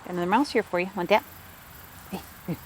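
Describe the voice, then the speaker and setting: A woman working in wildlife rehabilitation, talking softly and coaxingly to an animal in an outdoor enclosure while she films. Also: fairly low pitch, quick pace, background noise. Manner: coaxing, sing-song pet talk. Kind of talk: casual talk to an animal while filming.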